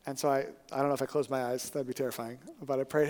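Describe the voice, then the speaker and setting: A man preaching a sermon as a story, conversational and animated, often asking "right?". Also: fairly high pitch, rapid-fire, few pauses. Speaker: pastor. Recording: reverberant hall.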